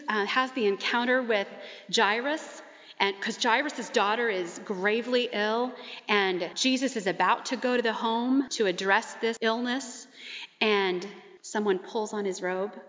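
A woman giving a sermon, retelling a gospel story with quick asides and acting out the voices of the people in it. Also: mid-range voice, a bit bright. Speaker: Bible teacher. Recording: muffled, long hall reverb.

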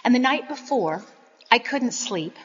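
Female Bible teacher, higher voice, earnest sermon delivery, dull lo-fi recording. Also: lively intonation, measured pace, in a large hall. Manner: earnest, personal storytelling.

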